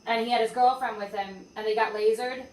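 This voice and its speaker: Lively swearing woman host, roomy sound. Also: fairly high pitch, fairly quick. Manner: lively storyteller, swears freely. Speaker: podcast host and interviewer. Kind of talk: casual podcast chat. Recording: roomy and distant with faint background noise.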